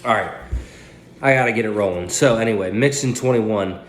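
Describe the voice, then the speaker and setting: A man's voice: lowish voice, a little fast, reverberant, a little hiss or hum. Profane, rambling man in his late twenties. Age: late 20s. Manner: profane, loose, trash-talking. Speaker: fantasy football league commentator. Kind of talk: casual rambling recap. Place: indoors, phone propped on paper towels. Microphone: phone.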